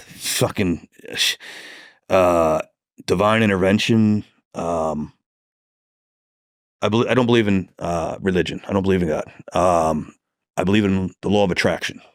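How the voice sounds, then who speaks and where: Profane, animated detective telling stories. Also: male voice, deep voice, a little slow, pauses often, no echo, clean studio sound. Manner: animated storyteller, acts out heated phone calls, swears freely. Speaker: police detective guest. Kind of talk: storytelling in podcast interview.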